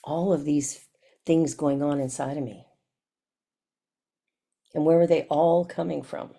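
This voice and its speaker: Woman preaching, low mellow voice, lots of questions to the listener. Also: fairly even intonation, unhurried, creaky. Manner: reflective, asks the listener many questions. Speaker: minister. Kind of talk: sermon.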